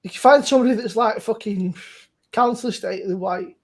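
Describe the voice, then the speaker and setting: Husky, sweary woman chatting over beers. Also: fairly high pitch, brisk, a little mellow. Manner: sweary, laughing, rambling. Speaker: host. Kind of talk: casual chat over beers.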